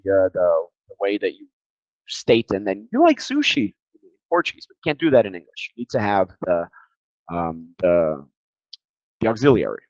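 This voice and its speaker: A tired man teaches English grammar in a loose, chatty way, often doubling words as he searches for the next thought. His voice sits at a middle pitch. The recording is close and dry, with a slightly dull, lo-fi tone. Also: no room sound. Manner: chatty, repeats words while thinking. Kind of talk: casual grammar lesson.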